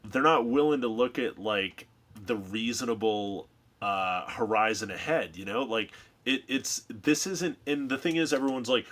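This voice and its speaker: A man's voice: on the low side, normal speed, a bit bright. A man, a guest on a podcast, talking in a loose, rambling way full of "like" and restarts. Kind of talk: casual podcast chat.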